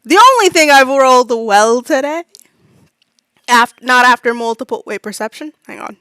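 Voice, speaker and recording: A woman playing a tabletop game, speaking hesitantly with halting fillers. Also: sits high, expressive, bright, forceful tone, clean tone, dry recording. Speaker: player. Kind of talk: casual tabletop role-play.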